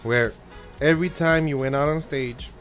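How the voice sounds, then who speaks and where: Casting: easygoing male podcast co-host from El Paso, slightly high voice, rambling chat, faint music underneath. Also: normal speed, a bit bright. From El Paso, Texas. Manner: rambling, frequent restarts, quotes voices playfully. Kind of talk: casual chat.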